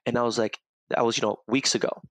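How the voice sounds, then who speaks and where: Fast-talking, gravelly man ranting. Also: mid-range voice, steady tone, no room sound. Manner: profane, fast storytelling with quoted voices. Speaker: podcast host. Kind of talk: casual podcast rant.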